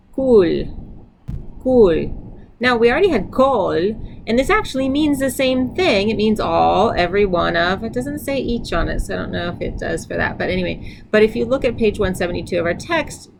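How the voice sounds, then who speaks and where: A woman's voice: medium pitch, vocal fry, a little hiss or hum, low-quality recording. A middle-aged woman teaching a casual vocabulary lesson, repeating each word aloud and adding chatty asides. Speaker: language teacher. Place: indoors by a sunny window.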